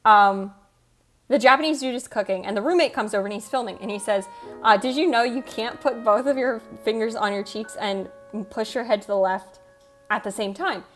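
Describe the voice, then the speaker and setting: Reading viewer comments aloud, this streamer speaks at normal speed in a fairly high, fairly bright voice. Her casual chat wanders, she interrupts herself, and she swears in passing while soft background music plays.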